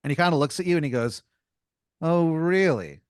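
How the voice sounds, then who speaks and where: A man's voice: a little high, very fast, no echo, studio quality. A man hosting an improv podcast, narrating a made-up scene in second person with casual fillers. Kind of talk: improvised storytelling, game-master style.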